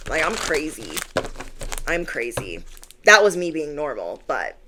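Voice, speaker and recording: A woman's voice: low-pitched, measured pace, a little hiss or hum. A young adult woman, a tarot reader, chatting casually to camera, playful and acting out the people in her stories. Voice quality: animated, playful, acts out voices.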